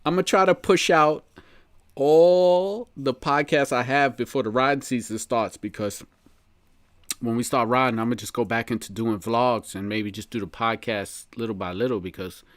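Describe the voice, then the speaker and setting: A man's voice: mid-range voice, moderate pace, no room sound. A man hosting a casual live podcast chat, laid-back and slangy, laughing often. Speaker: podcast host.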